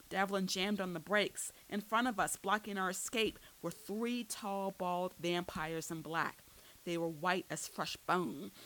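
A woman narrating a first-person story aloud, dramatic and building to loud outbursts at tense moments. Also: lowish voice, rough recording. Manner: dramatic, rises sharply for shouted lines. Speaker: audiobook narrator. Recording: faint hiss.

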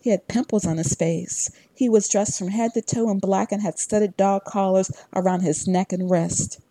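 A woman narrating a first-person fantasy audiobook in a steady, even storytelling voice on a close mic. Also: medium pitch, normal speed, dry recording.

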